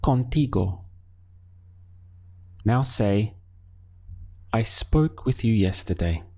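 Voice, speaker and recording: Male language teacher, deep voice, unhurried, patient prompts with gaps for replies. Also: expressive, a little mellow. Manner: slow, patient prompts leaving pauses to answer. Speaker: Spanish teacher. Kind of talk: language lesson.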